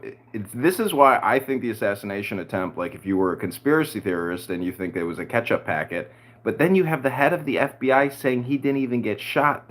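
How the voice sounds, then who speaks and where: A man hosting a political podcast, talking in a heated, crude rant. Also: on the low side. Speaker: podcast host.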